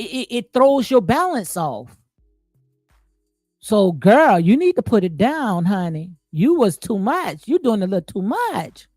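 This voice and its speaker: A woman's voice: mid-range voice, a little mellow, no echo. Woman host for a chatty commentary stream, emphatic with repeated phrases, dry voice with light music behind. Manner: emphatic, repeats phrases, frequent "okay?" and "absolutely". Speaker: commentary channel host reading live chat. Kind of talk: casual reality-show commentary.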